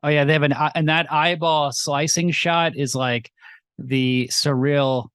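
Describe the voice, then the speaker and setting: A man in his thirties co-hosting a casual film-review podcast, rambling through a plot recap and slipping into quick mocking character voices. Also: a little high, steady tone, a bit bright, clear, resonant tone, no echo. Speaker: podcast co-host.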